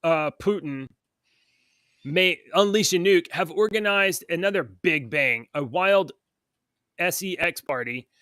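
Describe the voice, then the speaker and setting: A man on a morning talk show reads headlines aloud, then breaks into a scornful, heated rant. His voice sits fairly high for a man. The sound is close and dry, with no room echo. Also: a little slow, a bit bright. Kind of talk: opinionated political rant.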